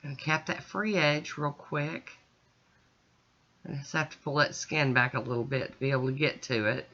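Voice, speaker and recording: A woman narrates her nail art video in a chatty voice-over, talking through every step as she goes. Her voice is bright and forceful, and the recording sounds dull and lo-fi. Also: rumbling low, steady tone, normal speed. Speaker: nail art channel host. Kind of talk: casual voice-over nail tutorial.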